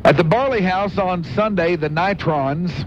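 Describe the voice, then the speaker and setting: A man co-hosting a radio show, reading concert listings between jokes from the others. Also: a little slow. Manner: reads listings, laughs between items. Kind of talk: casual radio banter. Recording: muffled radio recording with faint rumble.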